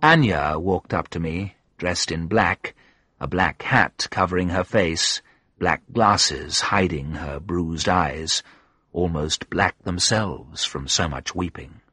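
A man narrating a first-person audiobook in a measured, sombre storytelling manner. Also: low voice, bright, forceful tone, husky, dry recording, clean studio sound.

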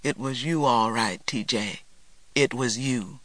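A man's voice: fairly high pitch, normal speed, no room sound, lightly acted. A man voicing a stern, accusing older boy. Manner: accusing, firm, quiet. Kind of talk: storybook reading.

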